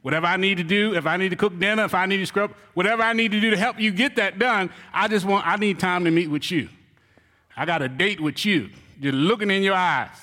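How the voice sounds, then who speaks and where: A man, a church elder, giving a joking, animated sermon on marriage to his congregation. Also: high voice, fast. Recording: reverberant hall.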